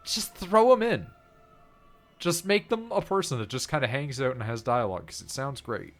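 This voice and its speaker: Dude streaming a game, casual chat, gets animated and laughs a lot, mid-pitch voice. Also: male voice, normal speed, soft background music. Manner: animated, laughing, mimics characters.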